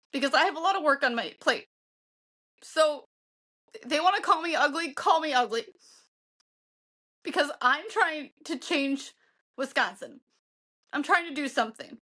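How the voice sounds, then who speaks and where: Heartfelt lady podcast cohost, highish voice, earnest and a bit defiant. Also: bright, forceful tone. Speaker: podcast co-host. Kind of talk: casual chat.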